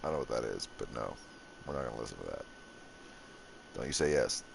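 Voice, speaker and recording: A man's voice: very deep voice, lively intonation, fast, vocal fry, noisy background. A man streaming gameplay live and joking sarcastically with his chat while he builds.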